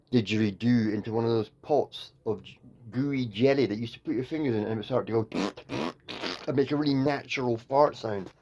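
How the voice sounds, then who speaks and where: A man's voice: on the low side, warm tone. Rambling comic man. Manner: free-associating, playful, jumps between tangents. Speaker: comedian.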